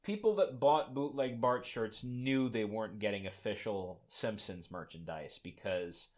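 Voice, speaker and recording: Low-voiced man hosting a rambling podcast. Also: unhurried. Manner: rambling, laughing, self-deprecating. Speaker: podcast host. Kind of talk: casual podcast lecture.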